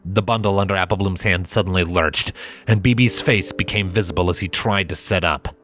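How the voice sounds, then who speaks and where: A man reading a fanfiction story aloud in steady, measured narration. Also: low voice. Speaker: fanfiction reader.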